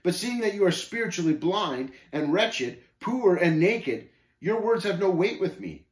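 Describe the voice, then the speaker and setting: A man's voice: sits high, big pitch swings, unhurried, reverberant, voice pushed up. A man voicing a bold, devout male pilgrim who speaks firmly and quotes scripture. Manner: bold, firm, scripture-quoting declamation.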